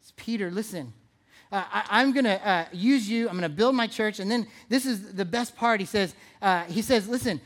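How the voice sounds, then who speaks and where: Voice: medium pitch, moderate pace. A pastor giving a casual, playful sermon in a church, talking like a friend across the table. This preacher teases the crowd with questions and hammers home key lines by saying them twice. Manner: conversational, playful, asks the audience questions; repeats phrases for emphasis.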